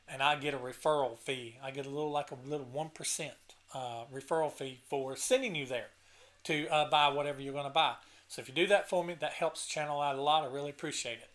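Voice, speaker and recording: A man with a somewhat high, slightly bright voice reviews an album on his channel, chatting casually to camera about his favorite songs. He's emotional, earnest and enthusiastic, at times choked up, and he often restarts his sentences.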